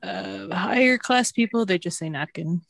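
A woman's voice: on the low side, lively intonation, moderate pace, dry recording. A woman in casual chat, talking in a hesitant, chatty way with frequent fillers.

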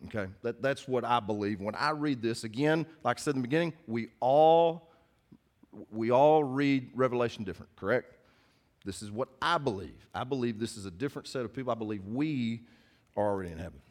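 A man preaching in a church, in a voice of everyday middle pitch. His talk is folksy and conversational, and he keeps turning to the congregation with questions. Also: fairly quick. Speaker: pastor. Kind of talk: sermon.

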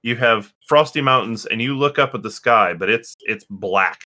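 A man's voice: medium pitch, moderate pace, bright, forceful tone. A man narrating a tabletop game as game master, hesitant and full of restarts. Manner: hesitant, many fillers and restarts.

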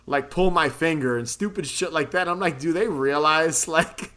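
A man's voice: on the high side, moderate pace, bright, forceful tone. A young man co-hosting a casual movie-review chat, rambling and laughing often, with a lot of filler words. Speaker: podcast co-host reviewing a movie.

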